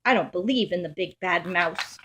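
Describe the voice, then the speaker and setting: A woman's voice: on the low side, normal speed, a bit bright, slight background noise, close to an everyday voice. A woman voicing a small, curious young female monster who asks eager, questioning things in a sing-song way. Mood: defiant.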